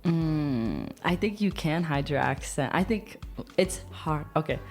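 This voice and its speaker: Woman, podcast co-host, low relaxed voice, faint music behind. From United States. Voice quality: relaxed, laughs easily, drawn-out phrasing. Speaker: podcast co-host, English teaching assistant. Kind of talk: casual podcast chat.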